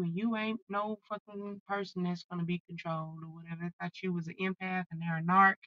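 Bright, profane tarot-reading woman. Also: mid-range voice, no echo, dull audio. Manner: blunt, profane, fired-up channeling. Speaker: tarot card reader. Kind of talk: casual tarot reading to viewers.

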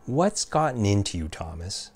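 A man voicing a stern, sharp-tongued frontier wife in a spoken story, speaking briskly and scolding with a raised pitch. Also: big pitch swings, faint music behind. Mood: concerned.

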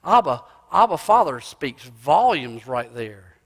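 A male pastor preaching a sermon in a church, swinging from loud cries to hushed asides. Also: fairly high pitch, big pitch swings, slow. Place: church sanctuary. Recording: long reverb of a church hall.

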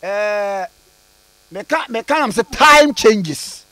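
A man with a Ghanaian accent hosting a radio phone-in, pressing his caller with quick questions. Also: sits high, lively intonation, bright, forceful tone, no echo. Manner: probing, quick interjections. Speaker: radio host.

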